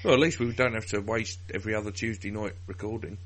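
A man's voice: on the low side, fast. A man with an Essex accent co-hosting a podcast, chatting casually with lots of swearing and laughter. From England. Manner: sweary, laughs often, animated. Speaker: podcast co-host. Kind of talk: casual chat.

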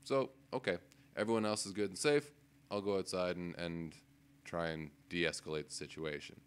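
A man's voice: low-pitched, normal speed, clear, resonant tone. A man on a podcast telling a casual story, swearing often and laughing as he goes. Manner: profane, laughing, animated storyteller. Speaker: podcast co-host. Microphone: desk microphone.

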